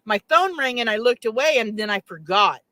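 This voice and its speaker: Woman guest, animated storyteller, bright voice, dry sound. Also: fairly high pitch, fairly quick, no room sound. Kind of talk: casual chat.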